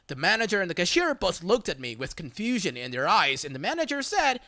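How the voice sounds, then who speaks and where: A narrator reading a reddit story aloud in a lively, playful storytelling manner. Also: mid-range voice, brisk, hardly any pauses, no echo, studio quality.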